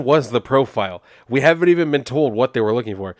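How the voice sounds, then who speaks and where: A man's voice: medium pitch, lively intonation, fast talker, no echo. Man, comic book reviewer, casual rambling recap, sarcastic, exasperated, mid-range voice, dry close sound.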